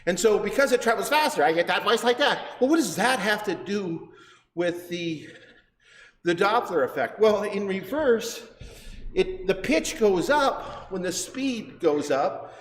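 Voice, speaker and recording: Science center guy rambling thru a demo, bit high voice, big echoey hall. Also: lively intonation, unhurried. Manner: chatty and rambling, self-correcting, laughs often. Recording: echoey hall with faint noise.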